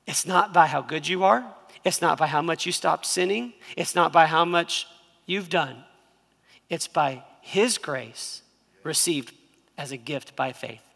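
A pastor delivers an emphatic sermon in a bright, sharp voice. His delivery is gravelly with fry and he asks the crowd to repeat after him. The sound rings in a reverberant church hall. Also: fairly high pitch, a little slow.

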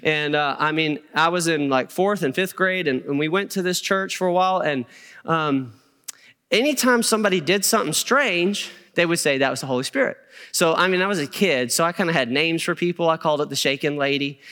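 A man's voice: fairly high pitch, brisk, sharp tone, clean tone, big-room sound. A middle-aged man preaching a sermon as a pastor, telling stories with humor and asides to the congregation. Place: church sanctuary.

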